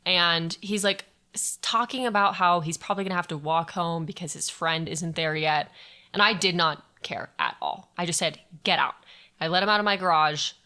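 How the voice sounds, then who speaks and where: A woman's voice: on the low side, expressive, normal speed, pushed and bright. A young adult woman candidly telling a personal story on a podcast, speaking frankly and swearing freely. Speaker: guest sharing her story.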